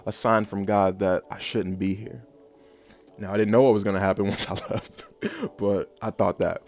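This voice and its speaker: A man's voice: lowish voice, steady tone, normal speed, faint music behind. Rambling young man telling a story. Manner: rambling, filler-heavy, with bursts of laughter. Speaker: vlogger. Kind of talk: casual storytelling monologue.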